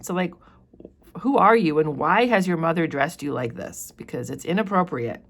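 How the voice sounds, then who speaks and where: A woman with a notably low, deep voice walks through a novel passage by passage. She paraphrases in casual, everyday terms and often says "like" and "so". It sounds like an informal literature lesson. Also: expressive, moderate pace, creaky. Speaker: literature teacher. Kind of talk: annotated read-aloud of a novel.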